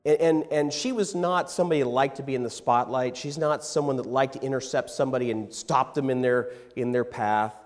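Pastor telling a story in a reverberant hall. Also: male voice, mid-range voice, brisk, few pauses. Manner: animated storyteller who repeats words as he starts phrases. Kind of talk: sermon storytelling.

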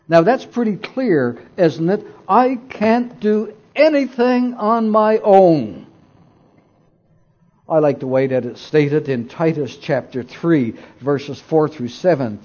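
Slow husky-voiced preacher. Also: male voice, a little high, animated, darkish tone, lo-fi sound. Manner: deliberate, emphatic, asks the listeners rhetorical questions. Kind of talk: sermon with scripture reading.

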